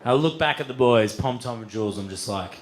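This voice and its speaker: A young man doing stand-up, telling a wild story with lots of swearing and sudden loud acted-out outbursts. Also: mid-range voice, brisk. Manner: animated, swears freely, acts out voices with loud outbursts. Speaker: stand-up comedian. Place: comedy venue stage with audience.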